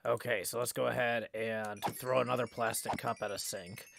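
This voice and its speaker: A tired male streamer chats casually with his viewers, reading their messages aloud into a desk microphone. His voice is heavily gravelly and full of fry. The tone is bright and forward. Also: mid-range voice, fairly even intonation, moderate pace, slight background noise. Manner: reads chat aloud and banters with viewers. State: tired, low on energy. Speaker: live streamer. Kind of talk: casual game stream chat.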